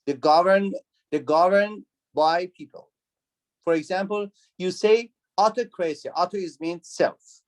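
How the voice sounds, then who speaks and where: A man's voice: high voice, unhurried. A man teaching an online university class. He repeats key words, asks the students questions, and speaks with non-native phrasing. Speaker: university lecturer. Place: video call.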